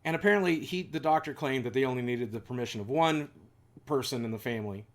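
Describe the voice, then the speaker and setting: A man's voice: medium pitch, quick pace. A man in his forties telling a personal story on his vlog, earnest and confessional with wry asides. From United States.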